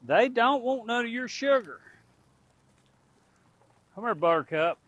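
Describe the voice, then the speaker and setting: A man's voice: very high-pitched, expressive, measured pace, fairly bright tone, highs cut off. A middle-aged man, chatting casually to his viewers and animals outdoors on a farm. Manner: folksy, talks to animals and viewers. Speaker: homestead vlogger.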